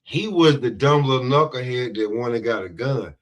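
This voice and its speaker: A co-host on a sports talk podcast goes on a loose, profane rant, rambling and peppering it with "bro" in a casual trash-talk exchange. He speaks in a mid-range voice at a moderate pace, captured in a low-quality recording.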